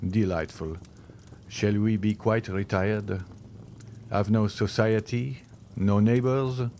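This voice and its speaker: A man's voice: lowish voice, steady tone, takes it slowly, a little mellow, a little hiss or hum. A man reading the part of an earnest, eager young viscount. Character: young viscount, eager and devoted to his mother.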